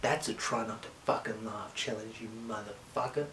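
A man vlogging in a manic, profane comedic rant, swinging between shouting and muttering. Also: lowish voice, fairly even intonation, moderate pace. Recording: echoey room, distant mic, noisy.

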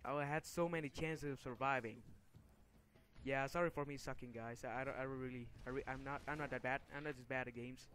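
A young man talks over a video game at a middle pitch, quick to anger, cursing and venting as he plays. Faint background noise sits under his voice. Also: fairly even intonation, a bit bright. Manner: frustrated, swearing, easily angered outbursts. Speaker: gaming video creator. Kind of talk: gameplay commentary.

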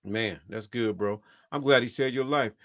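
A man with a mid-range, fairly bright voice hosts a casual chat at a moderate pace, affirming and repeating his phrases. The recording is dry, with clean studio sound.

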